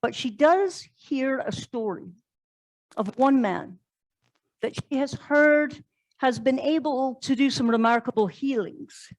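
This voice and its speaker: A woman's voice: sits high, slow, no room sound, rough recording. A woman pastor, preaching a sermon in a conversational way, telling stories and asking rhetorical questions. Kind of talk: sermon storytelling. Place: church.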